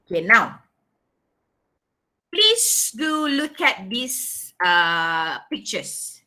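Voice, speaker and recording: A woman's voice: a little high, pushed and bright. A woman teaching an exam coaching lesson, giving emphatic, repetitive instructions to her students. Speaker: English teacher.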